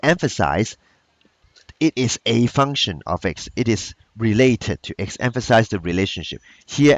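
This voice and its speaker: A man with a lowish voice teaches math in a recorded lesson, patiently repeating each key point in plain phrasing with loose grammar. The recording is dry.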